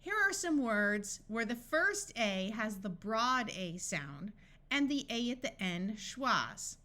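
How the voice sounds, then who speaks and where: A woman reading a scripted phonics lesson, sounding out letters and words with slow, deliberate enunciation. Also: medium pitch, very animated, pushed and bright. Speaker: phonics tutor.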